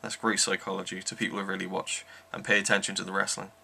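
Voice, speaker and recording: Keen man, sharp bright voice. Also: low-pitched, level tone, quick pace, gravelly, breathy edge. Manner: enthusiastic, rambling, many ums. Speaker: wrestling reviewer. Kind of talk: casual review monologue.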